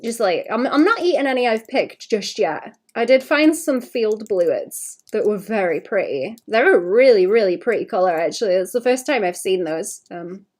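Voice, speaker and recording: A woman's voice: mid-range voice, lively intonation, normal speed, few pauses, a little mellow. A woman chatting casually to her stream while drawing, with a slight cough. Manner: chatty, rambling, talks to chat between drawing. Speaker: livestreaming illustrator.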